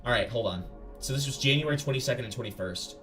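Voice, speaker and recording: A man's voice: medium pitch, animated, fast, a bit bright, soft background music. A man hosting an internet drama commentary, talking casually and bluntly and swearing freely. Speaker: commentary host.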